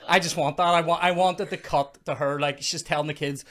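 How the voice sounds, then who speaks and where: A man's voice: on the high side, fairly even intonation, fast, hardly any pauses. A man hosting a comedy podcast, ranting in mock outrage and casual chat about a film.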